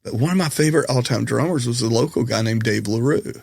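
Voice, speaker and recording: A man's voice: medium pitch, quick pace, creaky, darkish tone, husky, dry recording, clean studio sound. A man with a Southern US accent, a comedian and musician, telling rambling, self-deprecating stories with lots of fillers in casual chat. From Colorado. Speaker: podcast guest, comedian and musician.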